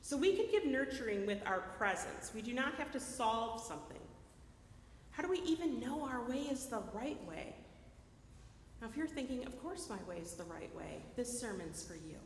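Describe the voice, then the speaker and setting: A woman delivers a sermon with a high, very lively voice that leaps up and down as she talks. She keeps turning to her listeners with quick questions to check they follow. The sound rings around a large hall with a long reverb tail, and a faint hum of the room sits underneath. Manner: animated, keeps checking in with the audience by asking "right?". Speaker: preacher.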